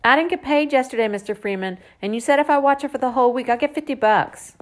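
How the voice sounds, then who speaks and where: A woman voicing a loud, bossy teenage girl babysitter who complains and pushes for pay. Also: lowish voice, expressive, normal speed, close to an everyday voice. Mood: complaining.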